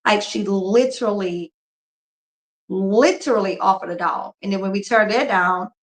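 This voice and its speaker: Woman, 40s, grieving and subdued, candid chat with viewers, mid-pitched voice, roomy echo. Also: normal speed. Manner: candid and emotional, talks straight to viewers. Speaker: couponing vlogger. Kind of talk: casual live chat with viewers. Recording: echoey room.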